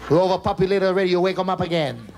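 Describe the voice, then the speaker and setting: A man on a live stage playing a gruff Italian fireman who rattles off a rapid scolding. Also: high-pitched, soft background music.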